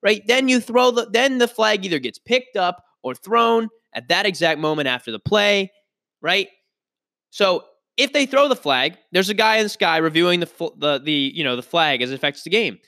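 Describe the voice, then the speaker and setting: A man hosts a solo sports podcast in a high, bright, forceful voice. He rants with frustrated emphasis and often stumbles and restarts mid-sentence. The sound is dry and close, with no room around it. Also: animated, moderate pace, no room sound. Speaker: podcast host.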